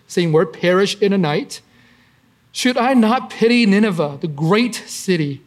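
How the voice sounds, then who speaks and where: Earnest and conversational, this man teaches from the Bible as a preacher, asking rhetorical questions and often starting his phrases over. His voice is high.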